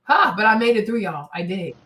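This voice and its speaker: A woman's voice: medium pitch, very animated, fairly quick, very noisy. A woman hosting a reaction livestream, effusive and laughing often, talking straight to her viewers as "y'all". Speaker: commentary host. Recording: echoey room, distant from the mic.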